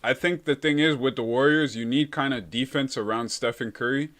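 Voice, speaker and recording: A young Canadian man runs a relaxed live stream, replying to viewer comments in loose, easygoing chat. His voice sits in a normal middle range for a man, and he talks fairly quickly in a laid-back way, tossing "bro" into nearly every thought.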